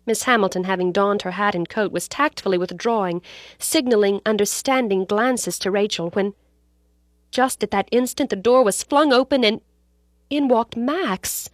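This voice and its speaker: Woman, storybook narration, measured, dramatic, mid pitch, dry close sound. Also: dry recording.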